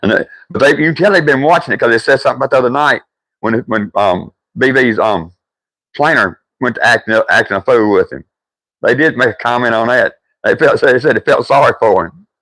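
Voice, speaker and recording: An older man with a Deep South accent, hosting a livestream and chatting casually with viewers in a folksy, rambling way. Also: brisk, fairly bright tone, no room sound. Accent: Deep South American. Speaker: livestream host.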